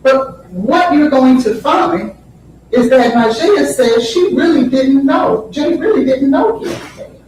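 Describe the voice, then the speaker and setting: A female defense attorney with a high, expressive, slightly mellow voice gives a courtroom opening statement in a large courtroom. She speaks unhurriedly, deliberately and emphatically, repeating phrases for effect. The audio is captured from far off, very echoey, with a little hiss or hum.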